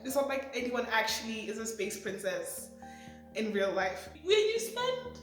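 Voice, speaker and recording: A woman in her twenties talking through a show review, excitable and rambling with lots of fillers. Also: on the high side, unhurried. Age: 20s. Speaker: vlogger. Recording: echoey room, faint music.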